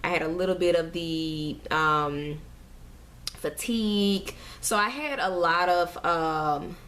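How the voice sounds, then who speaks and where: A woman's voice: on the low side, slow, a bit bright. A young woman giving a casual pregnancy update vlog, nauseous and a little out of breath, chatty and rambling with many fillers. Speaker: family vlogger.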